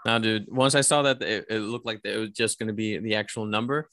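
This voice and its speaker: A man co-hosting a casual podcast, relaxed and hedging his points with "you know". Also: fairly low pitch, brisk, dry recording, clean studio sound. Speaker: podcast co-host. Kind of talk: casual chat.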